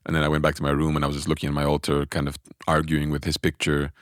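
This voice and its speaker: A man telling a personal spiritual story in a relaxed podcast conversation, animated and often restarting his sentences. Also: extremely low pitch, racing, no echo, studio quality.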